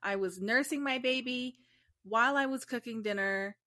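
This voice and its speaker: A woman's voice: fairly high pitch, normal speed, bright, forceful tone. A woman co-hosting an interview show, chatting casually and relating to her guest. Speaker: co-host. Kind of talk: casual chat.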